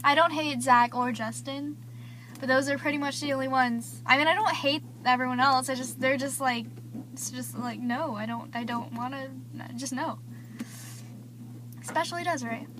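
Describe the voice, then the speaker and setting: A woman's voice: high-pitched, normal speed, noisy background. A teenage girl vlogging, rambling through gossip with lots of fillers. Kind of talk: casual gossip vlog.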